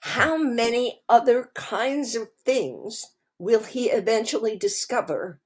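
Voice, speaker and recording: A middle-aged woman co-hosting a podcast, talking casually and telling stories in a slow, thoughtful way. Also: on the high side, lively intonation, husky. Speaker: podcast co-host. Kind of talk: casual conversation.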